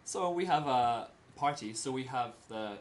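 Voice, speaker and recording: A Scottish man giving a casual talk to a small group, in simple slow words and laughing often. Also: medium pitch, expressive, slight background noise. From Scotland. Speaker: presenter giving a talk about Scotland.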